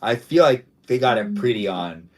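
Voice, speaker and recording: A man's voice: medium pitch, animated, moderate pace. A man hosting a casual livestream, rambling playfully and repeating his own phrases as he chats with viewers and guests. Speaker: livestream host.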